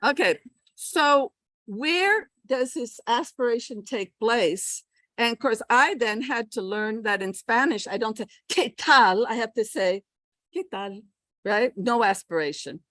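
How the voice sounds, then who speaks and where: A woman's voice: on the high side, lively intonation, a little slow, a bit bright, no room sound. An older woman giving a live pronunciation workshop for teachers, chatty and demonstrating sounds aloud. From United States. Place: classroom.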